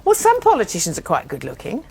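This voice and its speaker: A woman's voice: medium pitch, huge pitch swings, fast talker, gravelly, slight background noise. A woman, a former politician, chatting as a guest in a comic radio show with a genteel, good-humoured manner. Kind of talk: casual comic chat.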